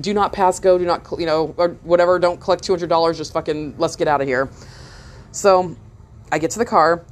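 A woman in her thirties telling a long story in a casual, rambling way, swearing often and stopping to restart her thoughts. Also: lowish voice. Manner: rambling, profane, animated retelling with many fillers.

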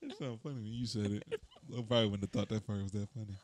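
A man's voice: on the low side, very fast, darkish tone, a little hiss or hum. A man co-hosting a podcast in casual chat, teasing and laughing often. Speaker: podcast co-host.

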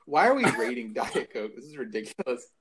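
A man's voice: mid-range voice, very animated, a little fast, slight background noise. A young man co-hosting a podcast, chatting casually with teasing, goofy mock outrage. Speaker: podcast co-host. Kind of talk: casual chat.

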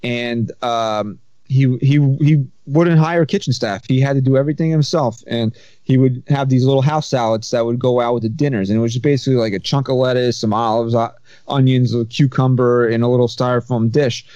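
A man's voice: mid-range voice, steady tone, a little fast, mellow, clear, resonant tone, no echo. A man hosting a casual podcast chat, telling stories in a rambling, self-interrupting way. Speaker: podcast host. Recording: slightly dull sound.

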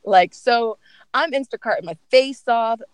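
A woman's voice: a little high, a little slow, clear, resonant tone, dry recording, poor audio. A young woman co-hosting a podcast from home in a chatty, frank, laughing way. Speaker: podcast co-host. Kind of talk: casual chat.

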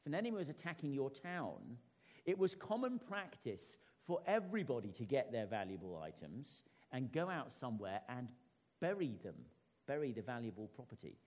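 A man's voice: medium pitch, very animated, a little fast, darkish tone. A man preaching a sermon in a conversational way, often tossing rhetorical questions to his congregation. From England. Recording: reverberant hall, slightly dull sound.

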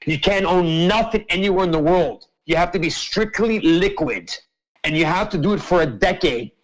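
High-pitched ranting man, swearing. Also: moderate pace, poor audio. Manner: ranting, emphatic, heavy swearing. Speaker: host. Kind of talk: open-mic group chat.

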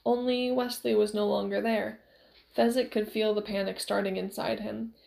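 A woman narrating a novel aloud in a measured, steady storytelling way. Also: medium pitch, creaky. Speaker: audiobook narrator.

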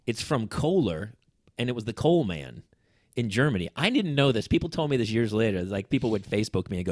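A man's voice: lowish voice, fast, no echo, clean studio sound. A man in his fifties hosting a podcast, chatting casually and acting out quotes. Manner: animated, acts out quotes. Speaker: podcast host. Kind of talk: casual interview.

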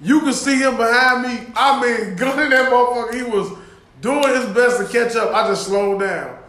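A man's voice: very high-pitched, normal speed, a bit bright, echoey room. A man telling profane, laughing road-rage stories in casual chat.

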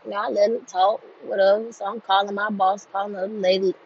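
A woman in her twenties telling a story in a casual monologue, blunt and animated, swearing freely. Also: medium pitch, fast talker, a little hiss or hum. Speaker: group home staff telling a story. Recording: dull lo-fi sound.

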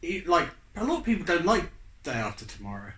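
A man's voice: on the high side, big pitch swings, a little fast, a bit bright. A man co-hosting a casual film podcast, rambling with restarts and easy agreement. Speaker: podcast co-host. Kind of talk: casual chat. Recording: roomy room sound.

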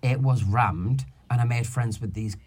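A man from Malta co-hosting a podcast, telling a night-out story with camp, animated, swear-filled chat. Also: mid-range voice, measured pace. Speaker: podcast co-host. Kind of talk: casual chat.

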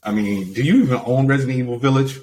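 A man's voice: medium pitch, quick pace, background noise. A young man hosting a podcast, reading entertainment news in a casual, teasing, level-headed way. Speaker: podcast host.

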